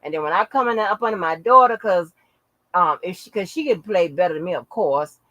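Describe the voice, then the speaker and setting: A woman's voice: on the low side, lively intonation, a little fast, sharp tone, no echo, rough recording. A middle-aged woman hosting her own channel, chatting casually to viewers in a brash, profane, laughing way and calling them baby and honey. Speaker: channel host.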